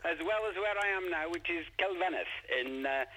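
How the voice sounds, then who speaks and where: A man's voice: on the high side, brisk, bright, forceful tone, slight background noise, rough recording. A man from Cheshire, England, calling in to a radio show, eager and chatty, full of radio trivia. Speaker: radio caller. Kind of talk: casual phone-in chat.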